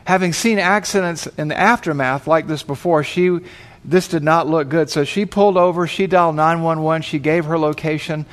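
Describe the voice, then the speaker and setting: A man's voice: on the high side, fairly even intonation, normal speed. A man pastor telling a vivid, dramatic story in his sermon.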